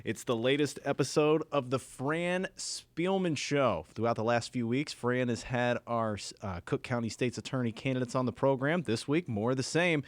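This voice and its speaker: A man reading a promo for another podcast in a brisk, upbeat way. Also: medium pitch, dry recording. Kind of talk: promo read.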